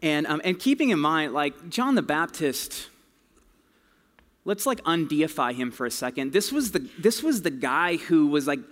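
A man's voice: on the high side, sing-song, moderate pace, fairly bright tone. A man preaching a sermon in a casual, conversational storytelling way, full of slang. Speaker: pastor. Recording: long hall reverb.

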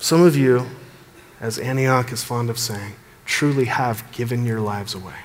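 Earnest male pastor in reverberant hall. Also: a little slow. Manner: earnest, builds emphasis with rising lines, drops low at phrase ends. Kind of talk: sermon.

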